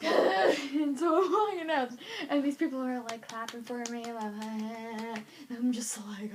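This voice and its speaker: A woman with a high voice tells a story to her camera in a casual vlog. She is animated and acts out each reaction, scattering "like" through her sentences. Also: unhurried, a little hiss or hum. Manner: animated, acting out reactions, lots of "like". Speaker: vlogger.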